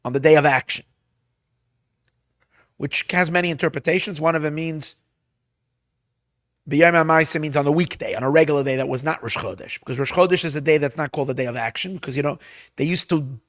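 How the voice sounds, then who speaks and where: A man, a rabbi teaching a class, retelling a Bible story with Hebrew translations in an animated way, often restarting his phrases. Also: on the high side, dry recording, clean studio sound. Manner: animated storyteller, acts out lines loudly; restarts and repeats words often.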